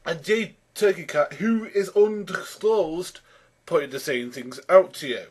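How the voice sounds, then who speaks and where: A man's voice: on the high side, a little slow, a little mellow, slightly rough. A man giving an argumentative response commentary, exasperated, often calling his opponent by name and restarting his sentences as he builds each point. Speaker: YouTube commentator rebutting a video.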